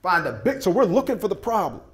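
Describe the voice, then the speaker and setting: A man's high, sing-song voice moves fast and has a fairly bright tone as he pitches enthusiastically, in a folksy way, using slides. His seated audience is in an echoey meeting room.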